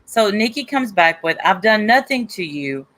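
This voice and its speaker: A woman's voice: medium pitch, lively intonation, moderate pace, a bit bright. A woman hosting a live stream, casually retelling an online argument and reading the comments aloud. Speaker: host of a live stream show.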